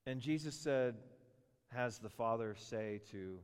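A man's voice: medium pitch, slow pace, clean tone. Man preaching in a reverberant hall. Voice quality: animated, jokey storytelling with voices for characters. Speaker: pastor. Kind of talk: sermon. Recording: long reverb of a large hall.

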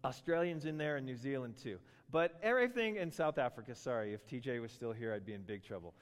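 A middle-aged man preaching a sermon, telling stories with animated asides and funny voices for characters. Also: medium pitch, fast. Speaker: pastor. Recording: long reverb of a large hall.

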